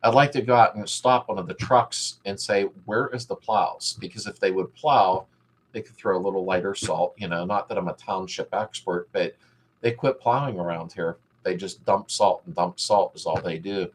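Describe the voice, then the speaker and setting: Man, middle-aged, husky voice, rambling live chat host. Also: deep voice, normal speed. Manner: rambling, reads chat comments aloud and greets viewers by name. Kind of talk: casual live chat with viewers.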